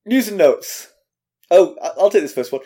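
A man's voice: sits high, lively intonation, moderate pace, dark tone. A man co-hosting a podcast in casual chat, making wry, dry asides and stumbling over his words. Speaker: podcast co-host.

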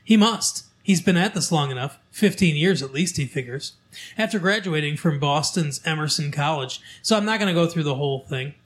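A man hosting a local show, reading from a newspaper in casual chat, halting with fillers and restarts as he goes. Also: fairly high pitch, expressive.

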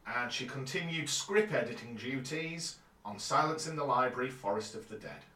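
A man co-hosting a podcast, calmly recapping the plot of a TV episode. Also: mid-range voice, normal speed. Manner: relaxed, summarizing plot steadily. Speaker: podcast co-host. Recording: roomy, distant mic.

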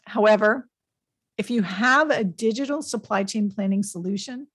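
A woman's voice: medium pitch, normal speed, husky, no echo, clean studio sound. A woman giving a coaching talk on business to her viewers, upbeat and speaking straight to them. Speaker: business educator. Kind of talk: direct-to-camera business talk.

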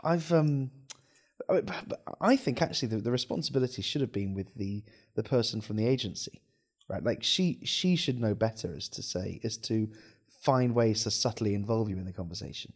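A man's voice: fairly low pitch, expressive, moderate pace. Thoughtful man musing on a podcast. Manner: reflective, asks questions, hesitant restarts. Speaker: podcast co-host. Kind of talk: casual podcast chat.

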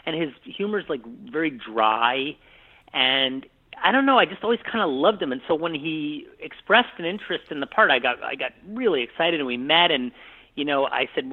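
A man's voice: fairly high pitch, animated, normal speed. A man, a film director, talking about his work in an interview, casual and rambling with many fillers and restarts. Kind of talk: conversational interview. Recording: tinny phone-line sound.

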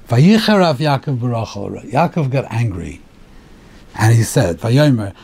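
Man teaching a Torah class, mellow voice. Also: medium pitch, sing-song, unhurried, slightly rough. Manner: explanatory, poses rhetorical questions, mixes in Hebrew terms. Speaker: rabbi. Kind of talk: Torah class on the weekly portion.

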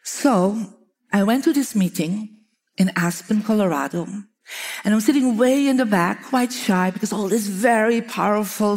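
A middle-aged woman, a feng shui teacher telling lively stories to an audience, often laughing and acting out quoted dialogue. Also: mid-range voice. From Belgium. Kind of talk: storytelling talk to an audience.

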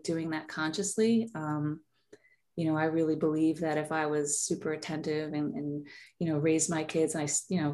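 A woman's voice: deep voice, a little mellow. A woman in her forties, a podcast guest, telling a heartfelt personal story in a rambling way with many fillers.

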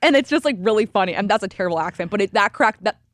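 A woman's voice: medium pitch, lively intonation, very fast, no echo. A young woman co-hosting a podcast, chatting casually about a film with lots of fillers and restarts. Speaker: podcast co-host, film reviewer. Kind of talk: casual chat.

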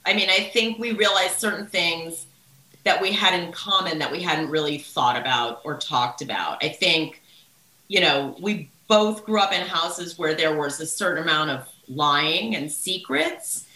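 A woman podcast guest speaking in a reflective, measured way. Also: fairly low pitch, bright, forceful tone. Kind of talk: casual chat. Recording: roomy echo.

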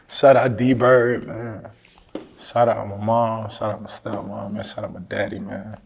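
Laid-back Miami rapper in an echoey room. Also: male voice, lowish voice, creaky, bright, forceful tone, slight background noise. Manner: laid-back, slangy, laughs often. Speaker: rapper guest. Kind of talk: casual interview chat. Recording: echoey room with long reverb.

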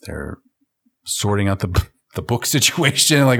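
A man's voice: on the low side, very animated, a little slow, creaky, a bit bright, slightly rough. A man co-hosting a casual film podcast, recapping the plot with jokes, swearing and frequent laughter. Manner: joking, profane, laughs often while recapping. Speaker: podcast co-host.

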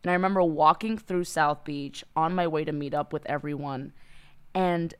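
A woman's voice: deep voice, normal speed, smooth. A woman, chatting and laughing as a podcast co-host. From Miami. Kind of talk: casual chat.

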